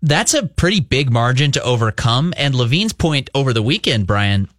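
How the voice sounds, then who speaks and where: A man's voice: medium pitch, very animated, normal speed, fairly bright tone, no echo. Male sports reporter, analytical, long explanations, dry studio sound. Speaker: baseball reporter guest. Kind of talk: casual sports radio chat.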